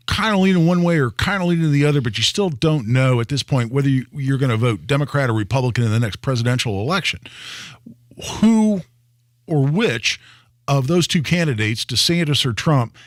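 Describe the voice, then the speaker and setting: Earnest male radio co-host, halting restarts. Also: medium pitch, lively intonation, no echo, clean studio sound. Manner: earnest, with many restarts and repeated words. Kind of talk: talk radio political discussion. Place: radio studio. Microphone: studio microphone.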